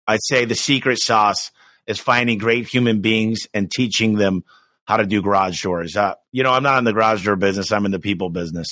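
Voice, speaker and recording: A middle-aged man talking as a podcast guest, with bright, forceful energy and frequent restarts. The recording is dry and close, with no room around the voice. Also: lowish voice, no room sound. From United States. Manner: energetic, emphatic, quick restarts, acts out quoted voices. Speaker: business owner guest. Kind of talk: casual podcast interview.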